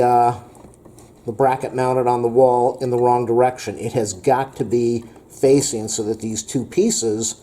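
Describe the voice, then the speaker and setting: A man with a mellow, darker-toned voice walks through a do-it-yourself how-to in a loose, rambling way. He leans on fillers as he goes, and his pitch sits in an ordinary middle range. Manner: casual, rambling, with frequent fillers. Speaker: DIY video host. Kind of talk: home improvement how-to.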